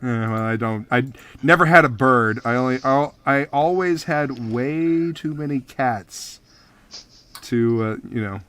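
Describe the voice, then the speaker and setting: A man's voice: mid-range voice, unhurried, fairly bright tone, clear, resonant tone. A man in a casual chat, blunt and joking, swearing casually.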